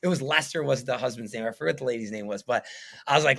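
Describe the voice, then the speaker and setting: Fast and a little high, with vocal fry and a sharp edge, this man's voice belongs to a thirty-something painting business owner. As a podcast guest, he chats casually and earnestly, rambling with many fillers.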